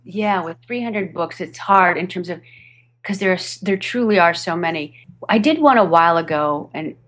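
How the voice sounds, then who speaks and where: A woman with a fairly low voice talks about her narration work in a relaxed interview. She speaks animatedly, laughs often and restarts her sentences as she goes. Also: normal speed. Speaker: audiobook narrator. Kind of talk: podcast interview chat. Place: home studio over a video call.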